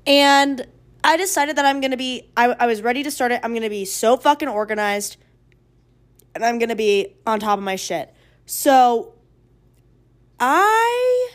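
A woman in her twenties hosting a casual solo podcast, rambling freely with plenty of swearing and playfully sing-song, oddly stressed words. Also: on the high side. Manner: chatty and rambling, with frequent swearing. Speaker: podcast host.

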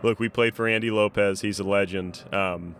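A man, a former college baseball teammate, chatting casually and mostly answering with short, relaxed agreement. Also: on the low side, moderate pace, a little hiss or hum. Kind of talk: casual chat.

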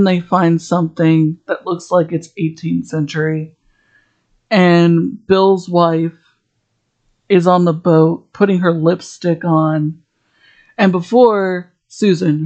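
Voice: mid-range voice, darkish tone, muffled recording. A podcast host in a casual episode recap, rambling and chatty, full of "like" fillers and restarts.

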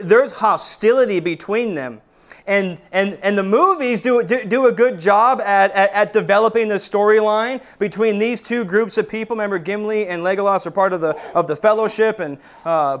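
A man preaching a sermon to his church, addressing the congregation as brethren and often repeating words as he restarts his sentences. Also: sits high. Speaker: pastor. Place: church service.

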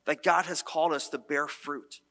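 A man's voice: a little high, normal speed. A man preaching a sermon as pastor, talking conversationally and telling stories with lots of restarts. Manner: conversational, animated storytelling with many restarts. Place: church sanctuary. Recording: long church-hall reverb.

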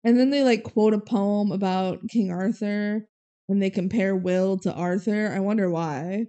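A young woman co-hosting a podcast, retelling a movie quickly with laughs and mock quotes. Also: medium pitch, fairly even intonation, mellow. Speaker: podcast co-host. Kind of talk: casual chat recapping a movie.

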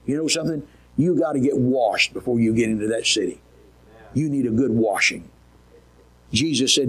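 A man's voice: mid-range voice, husky, poor audio. A man preaching a sermon in a folksy, emphatic way, often asking the listeners questions.

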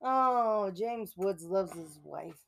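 A woman co-hosting a podcast in casual chat, cracking wry deadpan jokes and swearing. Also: medium pitch, takes it slowly, creaky. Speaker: podcast co-host.

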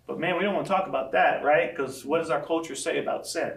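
A male pastor preaching a sermon with a fairly high voice, lively and acting out the quotes he reads. He stands back from the microphone, and his voice rings around an echoey room. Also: fast, gravelly, distant mic. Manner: animated, acts out scripture quotes. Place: large room with audience.

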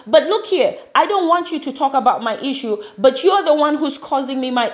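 A woman's voice: high-pitched, expressive, normal speed, few pauses. A woman with a noticeable foreign accent, talking earnestly as a podcast host and asking rhetorical questions. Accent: non-American, accent remarked on. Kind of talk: casual commentary monologue.

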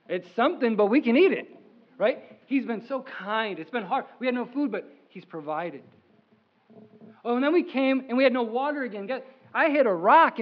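A pastor voicing an earnest older Moses. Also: male voice, extremely high pitch, full character voice. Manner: earnest first-person retelling. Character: Moses, older man telling of hard journeys. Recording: slightly muffled sermon audio.

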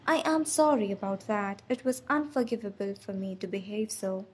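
A woman reading an audiobook, voicing a tender, restrained, teasing young man who has lived for a century, in soft murmurs. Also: mid-range voice, normal speed, breathy edge, close to an everyday voice. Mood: earnest.

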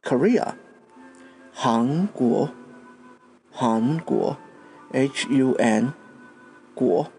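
A man's voice: medium pitch, drawn-out words, pauses often, dark tone, faint music behind. A man from Taiwan, a podcast host giving a patient language lesson and spelling out words letter by letter.

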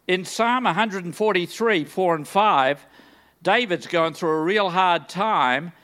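An older man serving as guest preacher delivers a sermon to a large church in a high, slightly bright voice, at an unhurried, deliberate pace. He's enthusiastic and drops in joking, self-deprecating asides.

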